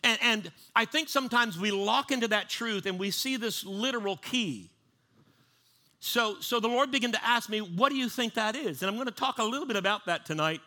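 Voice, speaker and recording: A man's voice: high voice, brisk, bright, forceful tone. A man preaching a sermon in a conversational way, often repeating and restarting his words. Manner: conversational, repeats and restarts, acts out panicked voices.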